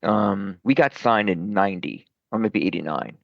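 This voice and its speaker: A middle-aged man with a low, gravelly voice talks about his singing career in a loose, rambling way, often putting himself down. The sound is dull and lo-fi, with no room echo. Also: moderate pace. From Brooklyn, New York. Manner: rambling, self-deprecating, many fillers. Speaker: rock singer, guest. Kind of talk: casual interview chat.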